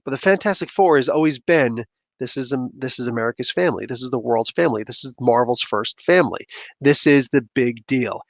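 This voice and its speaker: A man hosting a comic book review show, talking in a loose, animated and rambling way with sudden outbursts. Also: medium pitch, a little fast, vocal fry, no echo. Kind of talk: casual commentary.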